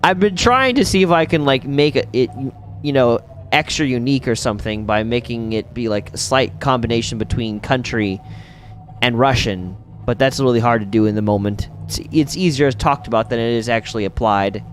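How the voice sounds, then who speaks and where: A man streaming and chatting casually while playing a video game, rambling with lots of fillers and bursting out in sudden excitement. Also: mid-range voice, moderate pace, faint music behind. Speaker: streamer and host.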